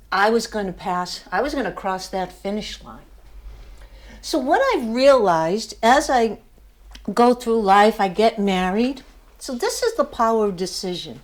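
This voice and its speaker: A woman's voice: medium pitch, animated, a little slow. An older woman giving a motivational speech to her class, telling a story with emphasis and laughing at herself. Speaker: student speaker.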